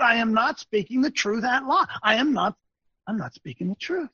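Male webcast host, preachy ranter; raspy, gravelly delivery that lurches from shouts to mutters. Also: very high voice, animated, normal speed, no echo. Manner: emphatic, repetitive, swings between shouting and muttering. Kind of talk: preachy ranting commentary. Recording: dull lo-fi dry recording.

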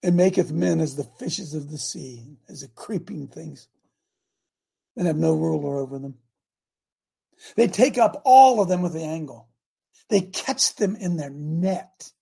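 Gravelly, husky preacher man. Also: a little high, unhurried, long pauses. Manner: animated, cries out and breaks into asides. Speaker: radio preacher host. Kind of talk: reading scripture with fiery commentary.

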